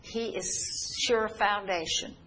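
A woman preaching a sermon, telling a story earnestly with halting pauses and restarts. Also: medium pitch, a bit bright, slight background noise.

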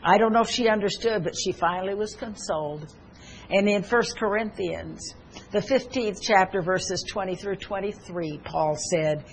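A woman's voice: medium pitch, moderate pace. An older woman delivers a sermon in an earnest, personal way. She weaves scripture together with stories from her own family. A faint noise sits behind her voice. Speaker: preacher.

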